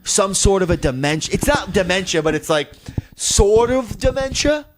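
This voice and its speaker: A young man with a high-pitched voice co-hosts a comedy podcast, speaking at a moderate pace over slight background noise. He tells a story in casual chat, animatedly acting out the people in it and swearing a lot.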